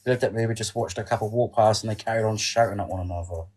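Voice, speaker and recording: A man's voice: fairly low pitch, very fast, a little mellow. A man guesting on a casual podcast, talking hesitantly with many fillers and reading a list aloud a bit stiffly.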